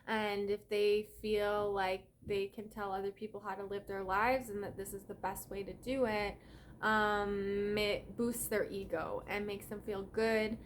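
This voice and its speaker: A woman talks through a casual spiritual update in an earnest, conversational way. She keeps tossing in "right?" and "okay?" and lets the odd curse slip. Her voice sits at an ordinary middle pitch for a woman. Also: flat delivery, unhurried, slight background noise. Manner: chatty, peppers speech with "right?" and "okay?"; earnest, mildly profane. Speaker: spiritual reader and yoga teacher.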